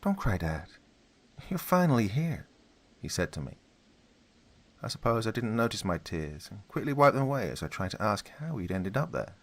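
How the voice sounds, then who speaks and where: A male storyteller reads a dark first-person tale in a measured, dramatic way. His voice sits low and has a husky texture. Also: animated.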